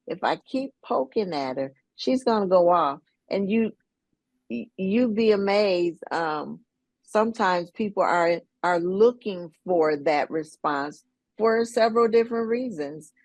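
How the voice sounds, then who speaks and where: A woman speaking as a guest in a casual panel talk, measured and reflective. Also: medium pitch, expressive, a little mellow, no room sound. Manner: measured, reflective, gives many "mm-hmm"s.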